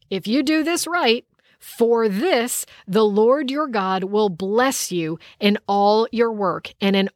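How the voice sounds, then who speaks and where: Animated woman teaching a Bible lesson. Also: medium pitch, dry recording, studio quality. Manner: animated, emphatic, conversational.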